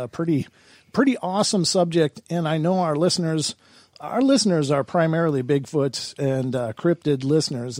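A man's voice: fairly high pitch, darkish tone, no room sound, clean studio sound. A man hosting a podcast in an upbeat, announcer-like way, with a few filler words. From United States. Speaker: podcast host. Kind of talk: enthusiastic show host.

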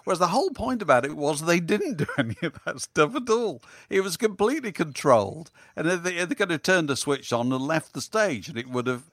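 A man hosting a podcast, speaking in a measured, hesitant way with frequent fillers. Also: a little high, sing-song, fairly bright tone, no echo, clean studio sound. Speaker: podcast host. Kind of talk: casual chat.

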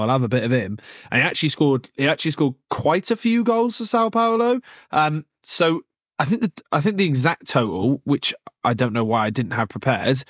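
A man's voice: mid-range voice, fairly bright tone, no echo. A young man chats loosely about football, full of restarts and laughter. His voice sits in a middle register. The sound is close and dry, with no room behind it. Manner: rambling, jokey, laughs often, many restarts. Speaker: podcast host. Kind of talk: casual football podcast chat.

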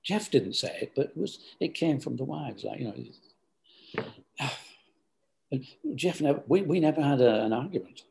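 A man's voice: mid-range voice, expressive, measured pace, gravelly, long pauses, a little mellow. An older man, a business founder, giving rambling, hesitant interview answers full of restarts.

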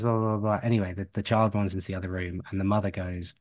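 Low-voiced man rambling in chat. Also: little pitch movement, fast talker, few pauses. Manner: rambling, goes off on tangents with laughing asides. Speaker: podcast co-host. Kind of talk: casual podcast chat. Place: at home.

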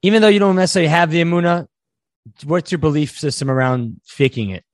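A man's voice: fairly high pitch, expressive, fast, dry recording. Thoughtful man hosting, dry close sound. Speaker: podcast host. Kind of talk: casual interview conversation.

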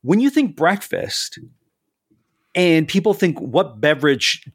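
A man's voice: on the high side, very animated, slow pace, husky, no room sound, studio quality. A man co-hosting a casual food podcast, easygoing and agreeable with a teasing edge. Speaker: podcast co-host.

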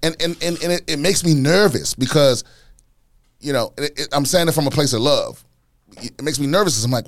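A man hosting a casual podcast, ranting in a profane, animated way and repeating himself as he gets worked up. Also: on the high side, fairly quick, no room sound, clean studio sound. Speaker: podcast host, comedian.

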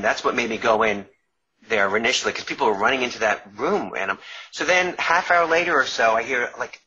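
An author and former caterer from Long Island, New York, speaks as a guest with a New York accent and a husky, bright, medium-pitched voice. He's chatty and rambling, interrupting himself and laughing through his stories in a casual storytelling interview. The recording is muffled, dull and lo-fi.

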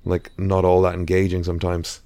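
A man's voice: sits low, completely flat delivery, a little fast, dark tone, dry recording. A man hosting a podcast in casual chat, rambling and hesitant with lots of fillers. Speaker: podcast host.

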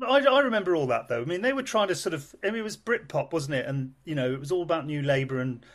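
A man's voice: fairly high pitch, expressive, quick pace, fairly bright tone. Rambling male podcast host. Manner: rambling, hesitant, many fillers. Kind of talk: casual interview chat.

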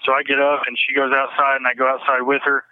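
A man giving a halting personal account in an interview, often repeating himself and restarting sentences. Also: medium pitch, monotone, a little hiss or hum. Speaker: interview guest. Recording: tinny phone line.

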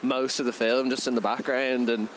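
A man's voice: mid-range voice, flat delivery, normal speed, a little hiss or hum, rough recording. A man, co-hosting a casual film review podcast and rambling through his thoughts with lots of fillers. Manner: rambling, full of "like" fillers, laughs often.

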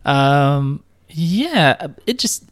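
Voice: mid-range voice, big pitch swings, extremely slow, no room sound. A podcast co-host chatting casually, with a dry, teasing sense of humor. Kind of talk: casual chat.

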